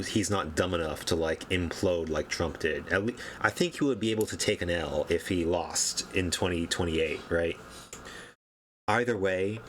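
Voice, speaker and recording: Young man, very low voice, rambling casual commentary, slight hiss in background. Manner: rambling, offhand, chuckles at his own points. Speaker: political commentary YouTuber.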